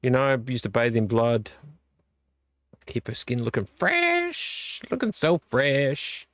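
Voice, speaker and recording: A man's voice: mid-range voice, huge pitch swings, slow, a bit bright, no echo, exaggerated voice. A man voicing a blood-bathing countess in a put-on American southern accent, with a playful, folksy drawl.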